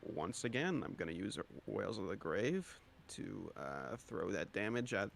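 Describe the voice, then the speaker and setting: A man's voice: on the low side, very animated, a little slow, creaky. A man playing a tabletop role-playing game, chatting casually and hesitantly, with playful swearing.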